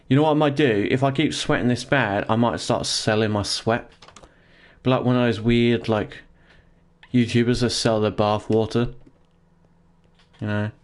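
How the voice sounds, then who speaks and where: A man's voice: mid-range voice, steady tone, unhurried, pauses often. A young man chatting casually and jokingly to his live-stream chat while gaming, rambling and laughing often, in his home office.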